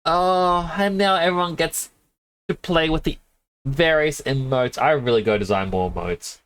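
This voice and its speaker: A man streaming a game, sniffling a little and telling rambling stories with quick laughs into a desk mic. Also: a little high, fairly bright tone, clear, resonant tone. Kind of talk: casual chat while gaming.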